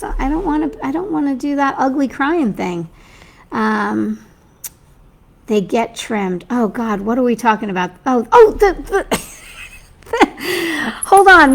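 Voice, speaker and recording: A woman's voice: fairly high pitch, creaky. A woman hosting a casual live stream as Mrs. Claus. She is chatty and scattered, reads out viewer comments and often loses her train of thought. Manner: reads a story aloud to viewers. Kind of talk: casual livestream chat reading viewer comments.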